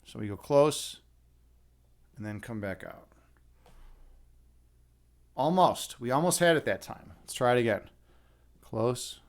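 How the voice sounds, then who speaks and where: A man's voice: mid-range voice, animated, slow pace, pauses often. A man hosting a casual livestream, rambling and chatting with viewers and swearing now and then. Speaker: livestream host.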